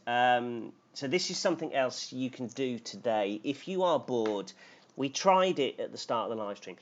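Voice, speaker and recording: Slow, halting male teacher on a live stream. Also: medium pitch. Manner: halting, with many filler sounds, playful when trying tongue twisters. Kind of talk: live-streamed lesson to students. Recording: dull lo-fi live stream audio.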